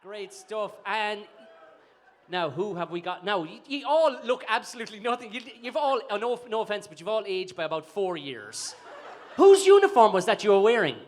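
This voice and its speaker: A man's voice: high voice, sing-song, normal speed. A man hosting an awards night, joking and teasing the guests on stage before a live audience. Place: event hall with a live audience.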